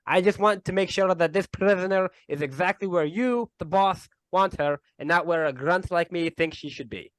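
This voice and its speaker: A man's voice: sits high, normal speed, hardly any pauses, no room sound, close to an everyday voice, poor audio. A man playing a timid grunt guard. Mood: fussy. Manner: hesitant, overly careful. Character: timid low-ranking male guard.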